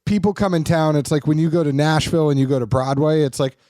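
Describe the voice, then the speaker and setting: A man's voice: on the high side, fairly even intonation, quick pace, warm tone, no room sound, studio quality. A man hosting a podcast in casual chat, rambling and self-deprecating. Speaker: podcast host.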